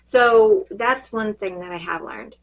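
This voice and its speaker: A woman reading cards in a casual spiritual check-in, her voice fading and a little hoarse, rambling and halting with many fillers. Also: medium pitch, low-quality recording. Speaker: tarot card reader.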